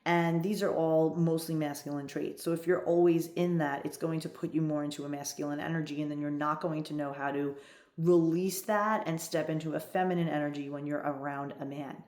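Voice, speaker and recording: A woman's voice: low-pitched, fairly even intonation, a little fast, a little mellow. A woman in her fifties, a love coach, talking in a direct, emphatic coaching monologue and often checking in with "right?". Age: 50s. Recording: echoey room.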